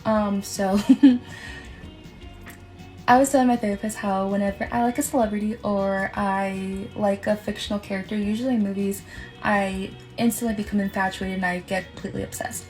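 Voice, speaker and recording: A woman's voice: mid-range voice, steady tone, normal speed, darkish tone, faint music behind, low-quality recording. A woman telling a casual story in a TikTok clip, acting out both sides of a conversation. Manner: retelling a conversation, quoting back and forth. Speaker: TikTok creator.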